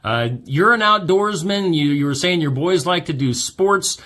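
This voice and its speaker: Upbeat, lively male local show host. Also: fairly high pitch, moderate pace. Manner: chatty, upbeat, laughs often. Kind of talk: local morning show, weather and interview.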